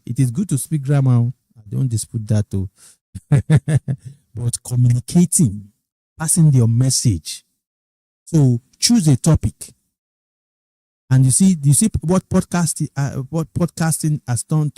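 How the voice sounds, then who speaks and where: A middle-aged man with a Nigerian accent talks casually as a podcast host, with a very mellow, warm tone. He restarts and repeats phrases as he goes, and his pitch climbs when he acts out other people's excitement. The recording is dry and close, with no room echo. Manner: animated, quoting others in raised excited tones. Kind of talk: casual storytelling monologue.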